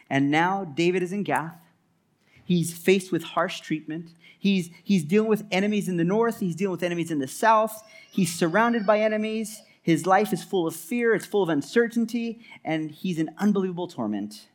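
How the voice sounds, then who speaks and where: A man's voice: high-pitched, normal speed. A man preaching a sermon in an earnest, emphatic way, often stacking repeated phrases. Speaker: pastor.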